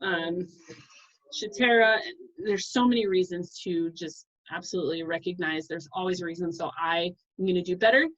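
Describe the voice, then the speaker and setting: Woman, 30s, team leader on a lo-fi call; fast, effusive, self-interrupting. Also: on the low side. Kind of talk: casual motivational team call.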